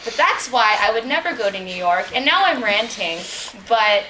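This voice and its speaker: Chatty bright-voiced woman, impromptu talk. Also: fairly high pitch, lively intonation, moderate pace, slight background noise, low-quality recording. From Southern California. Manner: chatty, laughing, rambling. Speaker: Toastmasters speaker and meeting toastmaster. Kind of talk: impromptu speech.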